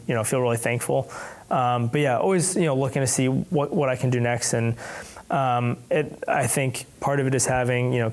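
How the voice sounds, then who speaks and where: Guy guesting on a podcast, stops and restarts a lot, laughs easy, mid pitch. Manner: halting, with many restarts and laughs. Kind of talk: casual conversational interview.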